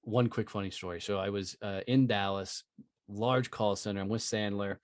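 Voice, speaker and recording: A man's voice: on the low side, steady tone, normal speed, dry recording, clean studio sound. A man guest telling sales stories in a blunt, profane, emphatic way, often tagging lines with "right?". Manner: profane, emphatic, tag questions. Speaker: podcast guest, sales trainer. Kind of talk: casual storytelling.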